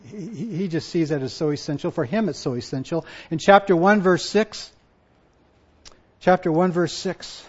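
A male pastor giving a sermon, moving from quiet personal reflection to loud, emphatic repetition. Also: on the high side, normal speed. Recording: dull lo-fi sound.

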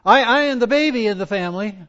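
A man's voice: very high voice, lively intonation, fast talker, a bit bright, pitched above the performer's own voice. A preacher doing a whiny self-pitying young man. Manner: whiny, sorry for himself. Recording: dull lo-fi recording.

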